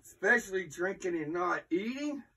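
Man, gravelly, animated pitch, defensive, apologetic. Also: moderate pace, far from the mic, over a noisy crowd. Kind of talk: heated argument.

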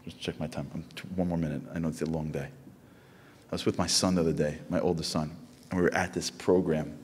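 Deep-voiced man preaching in a hall. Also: slight background noise. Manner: storytelling, builds to loud animated peaks. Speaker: speaker at a Tisha B'Av program. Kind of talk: inspirational sermon. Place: synagogue hall.

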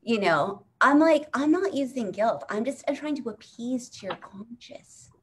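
A woman's voice: fairly high pitch, animated, measured pace, fairly bright tone, slight background noise. A woman in her forties doing a chatty, rambling storytelling set over a video call, acting out the people in her story. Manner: rambling, chatty, acts out voices in her stories. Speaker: stand-up comic. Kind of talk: storytelling stand-up set on a live stream.

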